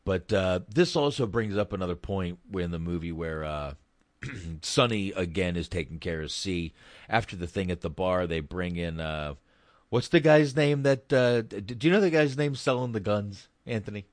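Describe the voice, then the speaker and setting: A man's voice: sits low, expressive, normal speed, no room sound. A man hosting a casual podcast, telling rambling, profane stories about a film. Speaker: podcast host.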